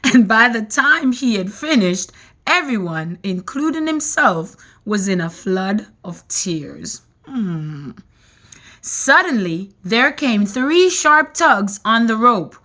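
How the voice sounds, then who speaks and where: A woman reading a children's book aloud, expressive and animated. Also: a little high, slow pace. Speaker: reader.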